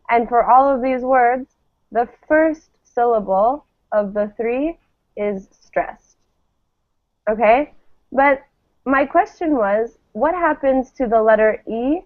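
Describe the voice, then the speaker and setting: An English pronunciation teacher runs a classroom drill, her voice on the high side. She speaks slowly and patiently, modeling words for students to repeat. The recording is tinny and lo-fi, like a phone.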